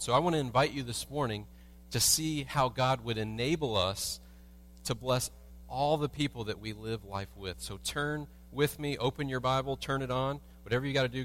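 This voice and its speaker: Speaking in a mid-range, fairly bright voice, a man preaches from a church sanctuary as pastor. He weaves humorous everyday stories into his sermon and throws rhetorical questions at the congregation.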